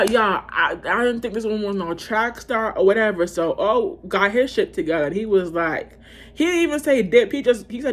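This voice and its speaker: Young woman, casual storytime, profane and rambling, mid-pitched voice, sudden loud bursts. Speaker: vlogger.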